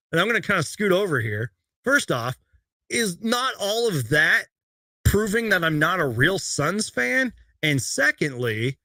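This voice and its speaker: A young man hosts a casual live Q&A stream from a home room lined with shelves of collectibles, rambling chattily as he reads viewer questions. His voice is a little high and sharp, with no room sound.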